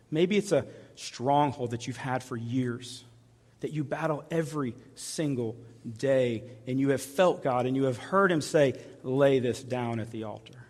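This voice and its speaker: A man preaching a sermon with earnest, repeated appeals, often dropping to soft, hushed tones. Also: medium pitch. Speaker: pastor. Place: large church hall. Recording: reverberant church hall.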